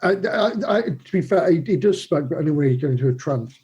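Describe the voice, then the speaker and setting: A man playing in a tabletop game, talking in a halting, giggly way. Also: a little high, animated, dull audio, a crowd in the background. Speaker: player.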